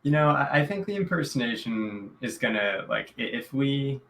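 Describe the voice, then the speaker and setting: Bright-voiced man thinking aloud. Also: mid-range voice, animated, normal speed, a little hiss or hum, rough recording. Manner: thinks aloud, talking himself to a point. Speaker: tabletop game player. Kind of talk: casual chat over a game.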